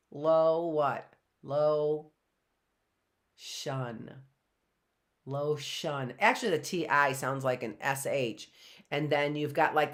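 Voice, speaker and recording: A middle-aged woman teaching a live online phonics lesson, patiently asking questions and slowly sounding words out. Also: deep voice, fairly bright tone.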